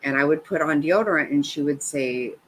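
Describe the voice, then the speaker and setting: Laughing, animated woman telling stories. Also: sits low, fairly quick, a little hiss or hum, rough recording. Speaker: livestream host. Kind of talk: casual chat.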